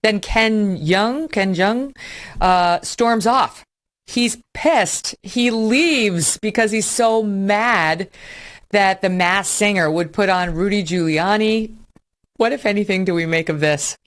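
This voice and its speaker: A woman's voice: mid-range voice, slow. A woman from Syracuse, New York hosting a show, chatting casually with laughing asides. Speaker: host. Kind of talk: casual talk show chat.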